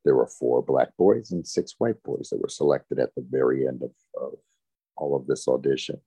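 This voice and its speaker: This interview features an older ex-show dancer whose very deep, dark, slightly rough voice moves at a normal speed. He tells his stories reflectively, chuckling often and repeating "you know."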